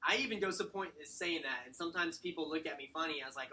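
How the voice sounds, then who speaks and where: Bright-voiced upbeat male sales trainer. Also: a little high, rapid-fire, slight background noise. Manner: direct, upbeat coaching. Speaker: sales trainer leading a workshop. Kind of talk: workshop teaching.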